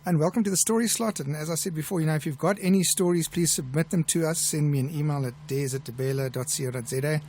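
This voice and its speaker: A middle-aged man with a South African accent, a pilot who hosts a live show and tells stories in a chatty, relaxed way. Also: fairly high pitch, fast talker, few pauses, slight background noise. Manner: chatty, relaxed storyteller with restarts. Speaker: airline pilot and show host. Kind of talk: live show chat and anecdote telling.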